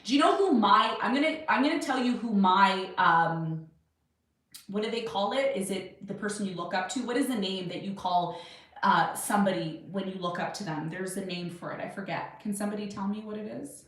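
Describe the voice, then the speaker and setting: A woman in her thirties of Jamaican, Irish and Serbian heritage hosts an astrology livestream from her home desk, chatting with viewers and answering their questions in a rambling, self-assured way. Her mid-range, slightly bright voice is animated and fairly quick. Captured by a webcam or desk camera, she sounds distant in a very echoey room.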